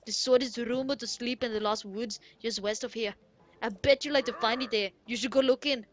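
A woman reading game lines as a boisterous male rock-creature miner, putting on a loud, mock-gruff attempt at an Irish accent. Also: on the high side, fairly even intonation, brisk, close to an everyday voice. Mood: hearty. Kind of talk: reading game dialogue aloud in a put-on voice.

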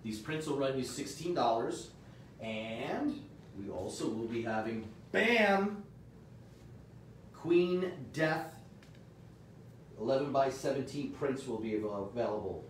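A man hosts a live comic shop stream, pitching items with cheerful sales patter. His voice sits in the middle range and bursts into loud shout-outs. It comes through a very echoey room from a distance, with faint noise behind it. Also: normal speed. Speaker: host of a comic shop livestream. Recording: echoey room, mic far off.

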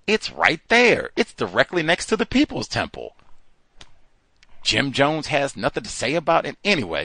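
A man hosting a call-in talk show, speaking in an animated, emphatic way and repeating words for stress. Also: medium pitch, gravelly, no room sound. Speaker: host. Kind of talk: call-in radio talk monologue.

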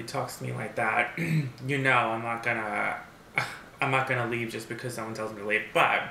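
A man vlogging a mukbang story time, talking while he eats in an animated, blunt, profane way. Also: mid-range voice. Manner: animated, talks while eating. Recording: echoey room, faint background hiss.

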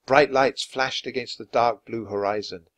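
Steady man reading a storybook aloud. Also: medium pitch, normal speed, no room sound. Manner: clear and steady, acting out dialogue. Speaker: storybook reader. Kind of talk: scripted narration for language learners.

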